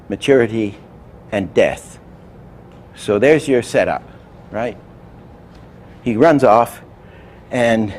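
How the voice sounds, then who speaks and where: Man teaching animation through anecdotes. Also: medium pitch. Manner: anecdotal, demonstrative, trailing off into quiet asides. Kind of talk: lecture with acted-out examples.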